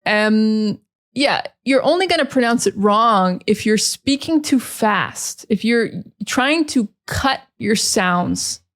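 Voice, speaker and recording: Slow, careful American woman teacher. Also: fairly high pitch, animated. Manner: drills words by repeating them slowly with heavy stress; friendly, laughs at her own slips. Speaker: English pronunciation teacher. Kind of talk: slow, clear teaching monologue.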